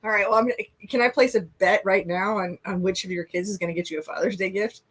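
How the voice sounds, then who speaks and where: A woman's voice: medium pitch, steady tone, quick pace, breathy edge. A woman with a Minnesota accent co-hosting a casual live chat, laughing often and reading out viewer comments. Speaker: co-host.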